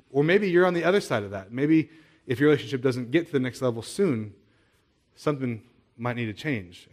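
Conversational pastor giving a sermon. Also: male voice, mid-range voice, a little mellow. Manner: conversational, repeats words, asks many rhetorical questions.

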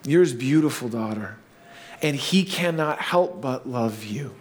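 A man preaching a sermon. He tells a story casually, then slows into hushed, earnest appeals. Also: mid-range voice, lively intonation. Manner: storytelling, swings between playful baby talk and slow hushed earnestness. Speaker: pastor.

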